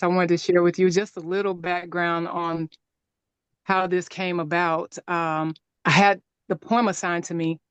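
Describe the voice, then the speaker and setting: A woman introducing a song on a video call, telling its background in a gentle, unhurried way. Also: on the low side, smooth, no room sound. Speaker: singer and poetry reader.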